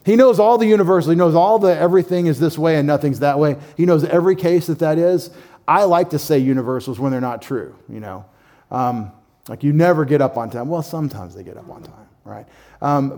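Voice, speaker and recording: A man's voice: fairly high pitch, mellow. A middle-aged man preaching an emphatic Bible-teaching sermon, asking his listeners questions and acting out short imagined replies. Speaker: pastor teaching scripture.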